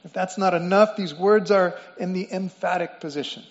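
A man's voice: high voice, normal speed. A man preaching a sermon, explaining word meanings and repeating phrases for emphasis. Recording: dull lo-fi sound with long reverb in a hall.

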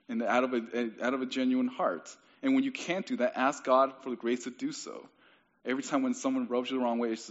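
A young man preaching a sermon as pastor, in a casual, conversational way with frequent restarts. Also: medium pitch. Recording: dull lo-fi recording.

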